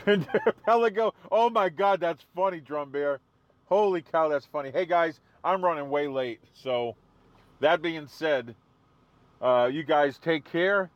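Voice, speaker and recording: A man's voice: on the high side, unhurried, no room sound, lo-fi sound. A man hosting a live stream, chatting casually with viewers and answering their comments. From New England.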